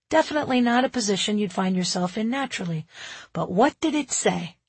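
Breathy woman narrating a novel. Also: medium pitch, fairly quick, dry recording. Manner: wry, expressive reading. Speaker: audiobook narrator. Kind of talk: first-person novel narration.

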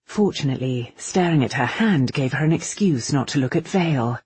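Casting: low, husky female audiobook narrator, steady, dry close sound. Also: a little fast, hardly any pauses, dry recording. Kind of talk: scripted narration.

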